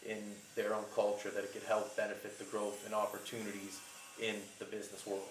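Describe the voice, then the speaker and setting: Low, flat-voiced woman interviewer, distant. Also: a little fast, roomy sound, slight background noise. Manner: brief acknowledgements. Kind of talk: interview questions.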